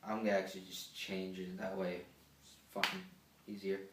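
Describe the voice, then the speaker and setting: A man's voice: low voice, level tone, moderate pace, far from the mic, noisy background. A teenage boy telling a rambling, swear-filled story from school as a casual vlog, with many fillers. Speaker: vlogger. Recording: echoey room, off-mic.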